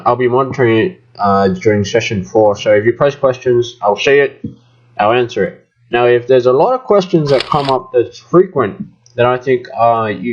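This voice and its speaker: A man teaching maths, giving loose, informal assignment instructions to his class with a muffled voice. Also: lowish voice. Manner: loose and informal, many fillers. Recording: muffled lo-fi recording.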